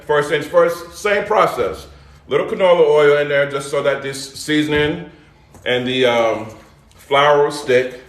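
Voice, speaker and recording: A man's voice: fairly high pitch, fairly bright tone, reverberant. A middle-aged man hosting a casual live cooking demo, loose and chatty, calling out to his viewers. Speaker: cooking show host. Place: home kitchen.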